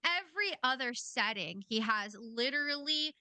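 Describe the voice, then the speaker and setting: A woman's voice: high voice, lively intonation, normal speed, pushed and bright, smooth, dry recording. A woman hosting a podcast, giving blunt, casual commentary and swearing freely. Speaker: podcast host.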